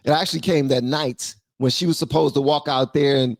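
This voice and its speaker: A man from Washington, D.C. hosting a casual political commentary channel, animated, slangy and joking. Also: mid-range voice, fairly quick, no echo, clean studio sound.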